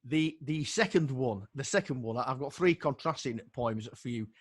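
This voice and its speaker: A middle-aged Yorkshire man reads his poetry in a measured, rhythmic way and chats casually between pieces. His voice sits at an ordinary pitch for a man. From northern England. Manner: rhythmic recitation, chatty asides. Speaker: poet. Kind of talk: poetry reading on a video call.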